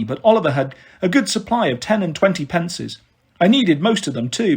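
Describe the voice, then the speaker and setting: A man reading a children's novel aloud in a steady first-person narration. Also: on the high side, breathy edge. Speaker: storyteller.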